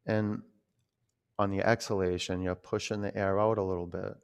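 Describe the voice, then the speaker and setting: Male yoga teacher, low gravelly voice, gentle chatty cueing. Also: level tone, normal speed. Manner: gentle, conversational cueing with frequent fillers. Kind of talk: guiding a yoga class.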